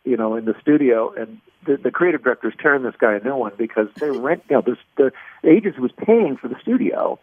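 A man's voice: mid-range voice, animated, fast talker, husky, dry recording. A middle-aged man from Kansas City, a voice actor, telling a rambling story on a phone call, full of restarts and fillers. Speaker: voice actor guest. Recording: tinny phone line, dry.

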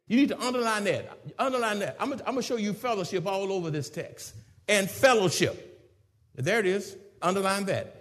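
High, lively man preaching a sermon. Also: long reverb tail. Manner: swings between shouted praise and quick teaching asides. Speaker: pastor.

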